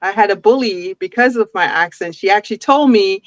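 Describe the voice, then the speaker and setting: A woman chatting as an interview guest over a video call, with restarts and frequent laughter. The sound is dull and lo-fi, and the room sounds very dry. Her voice sits at a medium pitch. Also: a little fast, dry recording. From an island. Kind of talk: casual interview chat. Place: home with a forest backdrop.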